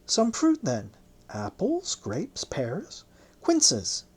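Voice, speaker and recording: A narrator voicing a haughty, teasing Roman noblewoman who mocks and coaxes in a slow, purring way. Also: mid-range voice, wildly swooping pitch, breathy edge, pitched above the performer's own voice, exaggerated voice. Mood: indulgent.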